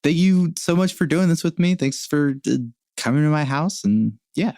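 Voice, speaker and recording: A man's voice: fairly high pitch, normal speed, darkish tone, dry recording, clean studio sound. A man hosting a casual interview at his home, friendly, asking short questions and laughing often. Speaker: podcast host.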